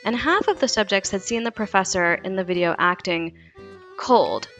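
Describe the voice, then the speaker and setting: A woman, a psychology researcher, explaining experiments in a lively, storytelling way during an interview. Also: medium pitch, moderate pace, soft background music. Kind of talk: interview conversation.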